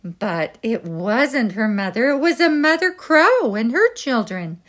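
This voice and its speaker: A woman reading a children's picture book aloud in a gentle, expressive way. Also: a little high, a little slow. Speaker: storybook reader.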